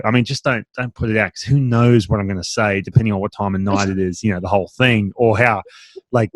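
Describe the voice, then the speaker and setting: A man's voice: fairly low pitch, fast talker, no room sound. A man, co-hosting a podcast and telling a story in casual chat, acting out his friends in a raised voice. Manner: animated, acts out quoted friends in a raised voice. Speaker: podcast co-host.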